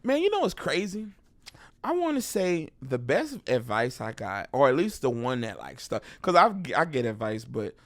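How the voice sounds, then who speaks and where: Here a comedian with a Texan drawl guests on a podcast, swapping stories in easygoing interview talk. He brings them to life by performing the crowd's voices, speaking at medium pitch and normal speed.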